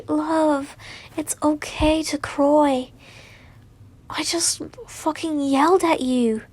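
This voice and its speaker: A woman voicing a gentle, apologetic young man who comforts his fiancé, speaking softly and haltingly, often near a whisper. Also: high voice.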